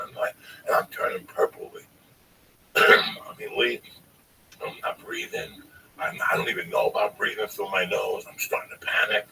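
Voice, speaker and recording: A man telling a long, profane, animated story on a podcast, often calling his listener by name. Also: lowish voice, gravelly, recorded from a distance, a little hiss or hum, low-quality recording. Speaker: storyteller guest.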